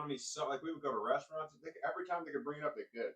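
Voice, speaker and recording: A man telling a personal story in a rambling, halting way, often restarting his sentences. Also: a little high, sharp tone, recorded from a distance, low-quality recording.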